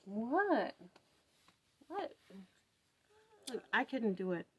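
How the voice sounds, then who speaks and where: A woman's voice: on the high side, sing-song, extremely slow, slightly rough, muffled recording. Woman musing aloud over scripture at home. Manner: thinking aloud, chatty, lots of "like" and "right?". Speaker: vlog host. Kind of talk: casual morning scripture study.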